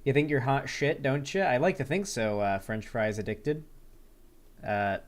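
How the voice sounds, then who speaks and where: A man streams and talks straight to his chat in loose, rambling sentences. He is sarcastic and swears freely. His voice sits at an ordinary middle pitch for a man. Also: unhurried. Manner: answers viewer chat questions aloud. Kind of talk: casual livestream chat.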